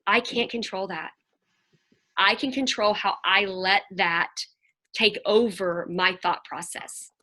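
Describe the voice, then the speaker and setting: A woman's voice: mid-range voice, slow. A middle-aged woman, speaking as a Christian counselor to a group of parents in an earnest, chatty way. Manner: earnest, chatty, animated when quoting children.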